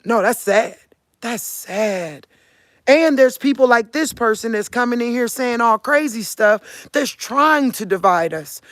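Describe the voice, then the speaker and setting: A woman's voice: a little high, lively intonation, a little slow, dry recording. Earnest country-talking woman in her forties. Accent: country Midwestern US. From Cleveland, Ohio. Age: 40s. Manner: earnest, talks in a drawl, keeps asking "you get what I'm saying?". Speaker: vlogger. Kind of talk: casual monologue to viewers.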